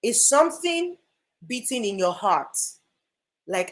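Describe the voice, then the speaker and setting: An energetic woman with a Nigerian accent talks as a guest in an interview, with a mid-range voice. Her delivery is emphatic and full of drive. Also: mid-range voice, normal speed. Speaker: guest speaker. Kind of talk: lively interview talk.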